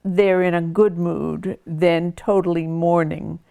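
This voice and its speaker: An older woman telling her family's story in a relaxed, good-humored way for a news interview. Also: on the low side, slow pace, creaky, smooth.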